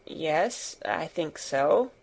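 A woman voicing a tired, distracted middle-aged gentleman who speaks in a worried, absent-minded way. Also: low voice, lively intonation, very slow, vocal fry, husky, pitched below the performer's own voice, full character voice. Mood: weary.

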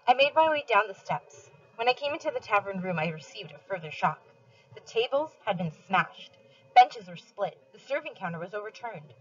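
A woman reading a novel aloud for a class, with steady, expressive first-person narration and pauses for study questions. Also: mid-range voice, husky, lo-fi sound.

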